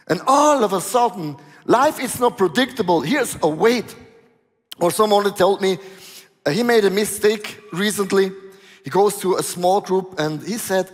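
High-voiced pastor preaching in a hall. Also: male voice. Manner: animated storytelling, with dramatic pauses. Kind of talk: sermon.

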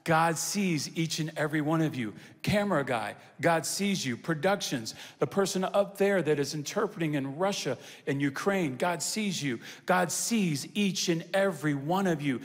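Male pastor, high tenor, preaching style with repeated emphatic lines, live in a large reverberant church hall. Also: lively intonation, normal speed, hardly any pauses. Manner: call-and-response preaching, repetitive emphatic phrasing. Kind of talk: sermon.

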